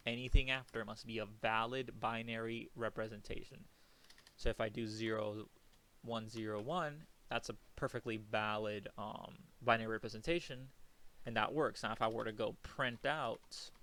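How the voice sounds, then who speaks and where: A young man giving a recorded coding lecture, casual and talky, thinking aloud and counting out loud as he works. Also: medium pitch. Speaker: programming instructor.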